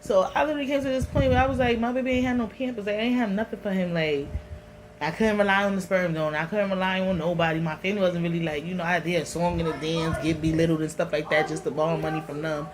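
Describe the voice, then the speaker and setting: A woman's voice: on the low side, fairly even intonation, quick pace. New york woman vlogging her story, raw and emotional, noisy recording. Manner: candid, emotional, slangy. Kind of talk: casual storytelling to camera.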